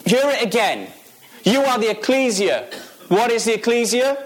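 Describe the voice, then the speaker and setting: A man delivering a sermon in a notably high voice. He preaches emphatically, firing questions at his listeners and repeating key phrases to drive them home. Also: animated, moderate pace.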